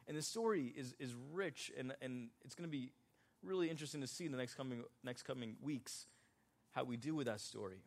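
A man's voice: mid-range voice, brisk. A man preaching a sermon in a conversational, joking way, talking directly with his congregation. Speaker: pastor.

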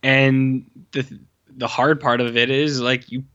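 Bright-voiced man, rambling film review. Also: mid-range voice, level tone, a little slow, muffled recording. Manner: rambling, profane, mimics people in quotes. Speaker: podcast co-host. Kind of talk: casual film review chat. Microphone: own microphone with mute.

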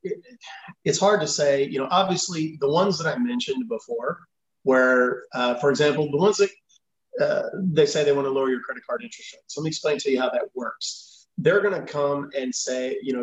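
A man's voice: mid-range voice, moderate pace, echoey room, low-quality recording. A man on a podcast as a consumer advocate guest, explaining scams at length and acting out the callers' lines, with many fillers. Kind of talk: podcast interview answers.

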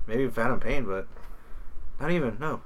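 A man's voice: mid-range voice, animated, moderate pace, noisy background. A man hosting a podcast, thinking aloud and muttering hints to himself during a music quiz. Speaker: podcast host. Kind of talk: casual chat, playing a music quiz. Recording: loud music behind the voices. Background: loud game music.

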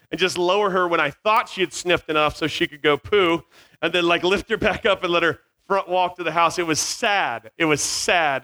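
A man's voice: on the high side, pushed and bright. A man in his forties with no regional accent, joking with middle schoolers at a youth camp through a headset mic, self-mocking and jumping from tangent to tangent. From Virginia. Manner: scattered, self-mocking, jumps between tangents.

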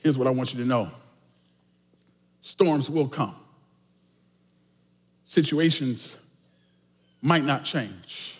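A man preaching a sermon as pastor, swinging emphatically between shouted lines and quiet asides. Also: medium pitch, animated, takes it slowly, long pauses. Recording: echoey church hall.

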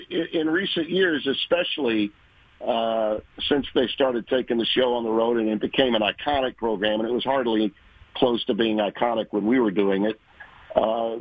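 Husky veteran sportscaster telling stories. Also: male voice, medium pitch, no echo, narrow, tinny audio. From Louisiana. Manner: folksy, animated storyteller, acts out quoted voices. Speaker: sports broadcaster guest. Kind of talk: conversational interview storytelling.

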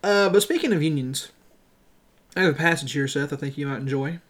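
A man's voice: fairly high pitch, a little fast. A young man co-hosting a casual podcast, chatting about work and games and reading a story aloud with energy. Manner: loud, animated reading of a tense story. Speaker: podcast co-host.

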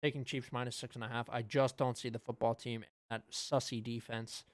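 A man co-hosting a podcast, talking through sports bets in a relaxed, loose way with frequent fillers. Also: mid-range voice, fairly quick, no room sound. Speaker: podcast co-host. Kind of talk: casual sports betting chat.

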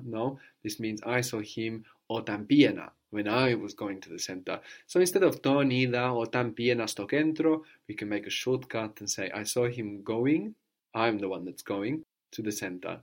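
A man giving a patient one-to-one language lesson, prompting his student with questions and repeating the answers. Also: mid-range voice. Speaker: language teacher.

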